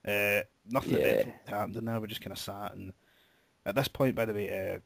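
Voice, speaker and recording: A man's voice: lowish voice, fairly even intonation, brisk, vocal fry, no room sound. Laughing young man telling a story. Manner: swearing, laughing through his story. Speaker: podcast host. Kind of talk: casual storytelling chat.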